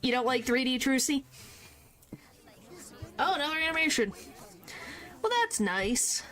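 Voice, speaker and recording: A woman's voice: high-pitched, lively intonation, a little slow, a bit bright, soft background music. A young woman streaming a game, chatting casually to her viewers and reacting with rambling exclamations. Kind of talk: casual gameplay commentary.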